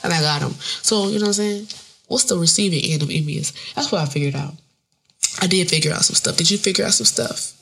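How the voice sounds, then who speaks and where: A woman's voice: lowish voice, quick pace, gravelly, fairly bright tone, husky. A woman in her thirties hosting her own podcast. She talks solo in a rambling, joking, profane way. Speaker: podcast host. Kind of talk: casual solo podcast monologue.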